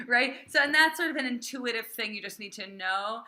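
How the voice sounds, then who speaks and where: A woman cantor teaching a small class how to chant Torah trope, chatty and encouraging, often checking with "right?" and singing phrases slowly. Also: a little high, sharp tone. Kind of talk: informal small-group class.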